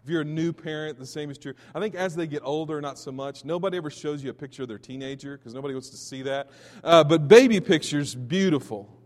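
A man from Texas preaching a sermon as pastor, telling stories with many restarts and sudden loud peaks. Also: fairly high pitch, quick pace, long reverb tail.

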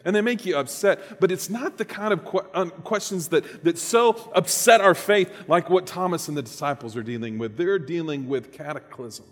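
Man, pastor, sermon, conversational, rhetorical questions, slightly high voice, church hall reverb. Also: normal speed, few pauses. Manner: conversational, dynamic preaching with rhetorical questions and humor.

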